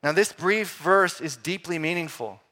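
Male pastor, middle-aged, sermon delivery, animated, voice sits a bit high, swings loud to hushed. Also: normal speed.

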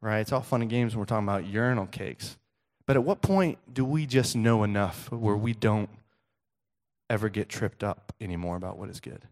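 A male pastor preaching a sermon in a conversational, animated storytelling way, with frequent restarts. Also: fairly low pitch, brisk.

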